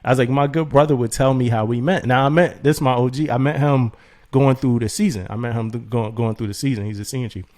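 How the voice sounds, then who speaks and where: Podcast guy telling a story all animated, acting out texts, laughing a lot, regular mid voice. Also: mid-range voice, fast talker. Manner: animated storytelling, laughs often, acts out text exchanges. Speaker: podcast co-host. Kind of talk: casual podcast chat.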